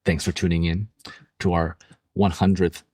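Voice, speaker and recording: A man's voice: sits low, little pitch movement, moderate pace, a little mellow, slightly rough, dry recording. A man co-hosting a podcast in casual chat, rambling and joking with a lot of fillers. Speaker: podcast co-host. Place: room with the other hosts and guest.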